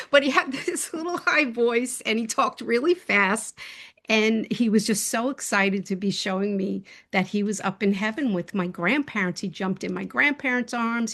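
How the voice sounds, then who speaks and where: A woman with a slightly high, somewhat bright voice tells a personal story as a guest speaker over a video call. She is casual and heartfelt, rambling with plenty of fillers and restarts.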